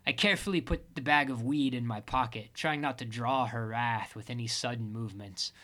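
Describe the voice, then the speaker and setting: A man reads a first-person story aloud with a wry, deadpan delivery. His voice is bright and forceful, at a middle pitch. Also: brisk. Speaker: audiobook narrator. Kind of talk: first-person audiobook narration.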